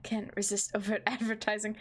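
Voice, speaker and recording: A young woman streaming a game, reading the narration and joking between lines in a giggly, excitable way. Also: medium pitch, brisk. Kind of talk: game playthrough with narration and commentary.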